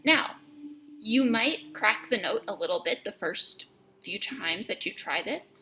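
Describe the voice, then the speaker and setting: A woman teaching a music lesson, explaining note markings in a clear, encouraging way with emphasis on key words. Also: medium pitch, animated, a little slow, pushed and bright, slight background noise. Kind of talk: instructional lesson.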